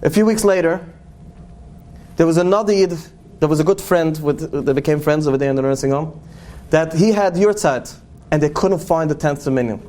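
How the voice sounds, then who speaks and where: Earnest high-voiced man, tinged storyteller. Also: warm tone. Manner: earnest, slows and lingers on key words for emphasis. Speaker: rabbi. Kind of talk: storytelling talk to an audience.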